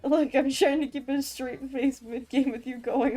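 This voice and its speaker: A woman's voice: sits high, fairly even intonation, takes it slowly, warm tone, soft background music. A woman streaming as a vtuber, chatting casually with viewers while drawing, playful and self-mocking with frequent laughs and restarts.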